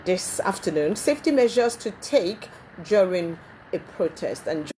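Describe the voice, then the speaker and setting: A woman hosting a live talk show, speaking haltingly with many ums and restarts. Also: lowish voice, big pitch swings, loud music behind the voice, rough recording. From Nigeria.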